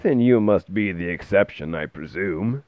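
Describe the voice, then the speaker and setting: Guy putting on a grumpy old shopkeeper, gruff and low, grumbles slow, kinda lo-fi dry sound. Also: lively intonation, dry recording. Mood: grumbling.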